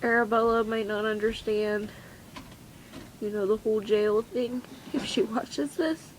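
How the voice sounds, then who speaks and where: A teenage girl crying as she talks in a confessional vlog, her voice breaking and halting. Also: fairly high pitch, steady tone, a little hiss or hum, poor audio. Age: teens. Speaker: vlogger.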